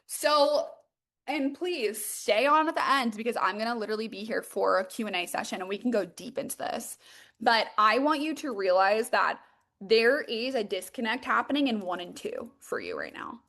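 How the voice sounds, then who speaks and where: A young woman coaching on a live stream, bubbly and excitable, peppering her talk with "like.". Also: on the high side, moderate pace. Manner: bubbly and excitable, heavy use of "like". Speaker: manifestation and mindset coach.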